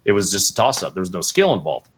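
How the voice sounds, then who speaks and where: A young adult man, a podcast guest who streams, telling a casual story and animatedly acting out quotes with big jumps in pitch. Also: big pitch swings, fast, slightly rough.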